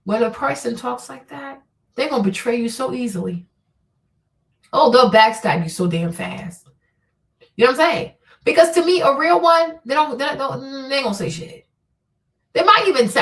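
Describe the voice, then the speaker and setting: This vlog host has a high-pitched, very animated voice and a brisk pace, recorded from a distance. In her casual video she's blunt and emphatic, swears a lot, and repeats "okay?" and "right?" often.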